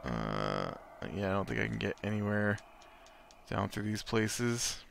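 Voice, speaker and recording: Gravelly, bright-voiced man playing a game. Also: on the low side, big pitch swings, unhurried, slight background noise. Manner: chatty, reacts aloud to the game, laughs often. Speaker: let's play host. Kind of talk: casual gameplay commentary.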